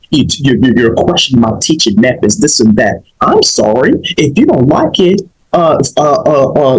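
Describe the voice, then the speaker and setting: A man's voice: a little high, very animated, normal speed, low-quality recording. A young man hosting a comedic advice show, emphatic and preachy, often checking in with his listeners.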